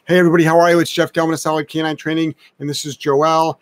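Blunt, emphatic dog-trainer host. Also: male voice, fairly high pitch, level tone, racing, soft background music. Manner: blunt, emphatic, rants with profanity. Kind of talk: casual live-stream advice chat.

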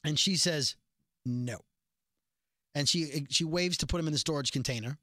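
Podcast co-host, casual episode recap, sarcastic animated retelling, dead-dry close mic. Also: mid-range voice, brisk, no room sound.

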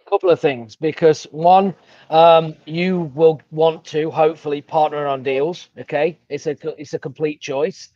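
A man's voice: on the high side, fairly even intonation, unhurried, a little mellow, no echo, muffled recording. A man with an English accent, co-hosting a real estate livestream in a casual, agreeable way. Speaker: co-host coach. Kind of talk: livestream chat.

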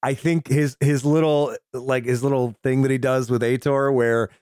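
A man co-hosting a casual film review podcast, excitable and profane, laughing often and acting out quotes from the movie. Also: medium pitch, moderate pace, clean tone, no echo, studio quality. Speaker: podcast co-host.

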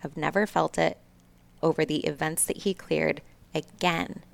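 A woman's voice: deep voice, steady tone, unhurried, gravelly. A woman in her thirties, a podcast guest telling a candid, emotional personal story with swearing and laughs.

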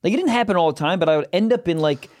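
Lively-voiced man joking on a podcast. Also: sits high, racing. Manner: laid-back, laughing, drops to mumbles. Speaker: podcast co-host. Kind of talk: casual comedic chat.

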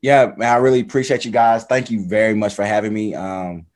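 A man's voice: on the low side, little pitch movement, fairly quick, a little mellow. A man from Texas, a triathlete talking casually as a guest on a video call and filling his speech with "like" and "man". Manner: loose, heavy with fillers like "man" and "like".

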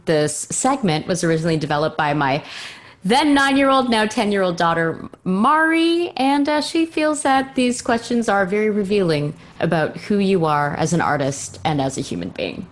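Woman, podcast host, film journalist, chatty, curious, lively pitch. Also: moderate pace. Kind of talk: casual interview chat.

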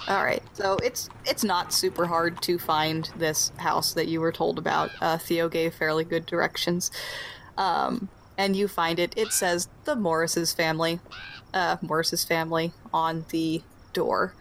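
A woman narrating a tabletop game as game master, relaxed, with many fillers and hesitations. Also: low-pitched, unhurried, gravelly, slight background noise.

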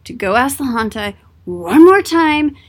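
A woman tells a story in a relaxed, playful way, with a lively tone throughout. Her voice sits somewhat high. It sounds like a casual retelling. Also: unhurried.

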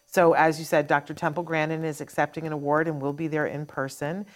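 Woman host, low-pitched, upbeat, long chatty announcements for a live show. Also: level tone, a little fast. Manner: chatty, upbeat, runs through notices in long strings.

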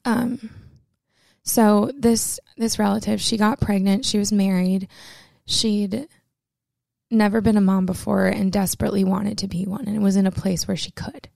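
Candid young woman with a gravelly creak. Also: medium pitch, little pitch movement, moderate pace, darkish tone, dry recording, studio quality. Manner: candid, emotional, chatty with many fillers. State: close to tears at times. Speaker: vlogger. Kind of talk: personal storytelling to camera.

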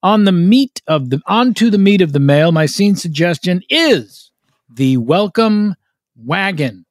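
A man's voice: high-pitched, lively intonation, unhurried, dry recording, studio quality. Chatty man hosting a comedy podcast. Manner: chatty, self-interrupting. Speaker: podcast host. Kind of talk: casual podcast intro and reading listener mail.

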